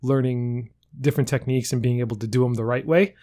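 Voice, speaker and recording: A man's voice: medium pitch, fairly even intonation, fast talker, mellow. A man co-hosting a podcast, chatting loosely, laughing easily and swearing casually. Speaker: podcast co-host. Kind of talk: casual banter.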